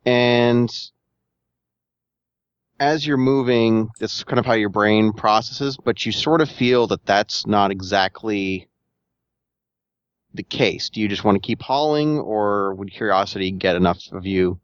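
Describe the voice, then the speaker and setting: Smooth-voiced man running a tabletop game. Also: lowish voice, no room sound, dull audio. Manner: halting, searching for words. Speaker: game master.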